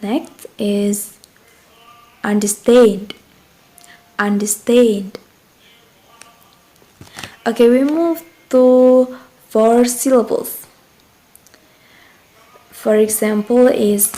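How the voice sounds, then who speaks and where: A woman's voice: fairly high pitch, warm tone, rough recording. A young woman with an Indonesian accent, a student patiently explaining word stress and speaking to the viewer. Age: young adult. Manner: patient, addresses the viewer directly. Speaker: student presenter. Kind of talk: explanatory lesson.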